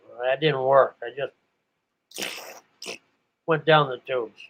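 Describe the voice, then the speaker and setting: A man's voice: mid-range voice, fairly even intonation, takes it slowly, a bit bright. An older man from New England reminiscing about radio operators, meandering and stopping to search aloud for names. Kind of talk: rambling reminiscence. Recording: muffled lo-fi recording.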